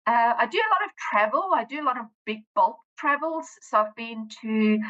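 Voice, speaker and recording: A South African woman in her fifties, chatting as an interview guest in a rambling way with quick self-corrections. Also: fairly high pitch, lively intonation, fairly bright tone, highs cut off. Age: 50s. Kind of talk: casual interview chat.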